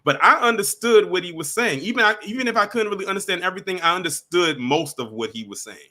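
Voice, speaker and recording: A man talks directly to his viewers in casual commentary. His voice sits a little high and rings bright and forceful. He is emphatic and often repeats his points. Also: expressive, fast. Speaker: commentary vlogger.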